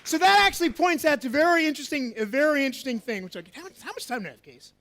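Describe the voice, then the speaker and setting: Very high-voiced man lecturing. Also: rapid-fire. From USA. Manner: lively, coaxing, asks the audience questions. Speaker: astronomy professor giving a public lecture. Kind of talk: interactive science lecture with audience volunteers.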